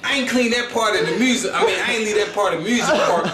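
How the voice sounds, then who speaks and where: Over a loud crowd, a fast-talking Philadelphia comedian with a high voice tells a comic story. He brags, rambles and uses plenty of slang, repeating "you know what I'm saying" constantly. A distant, echoey mic picks him up with faint noise.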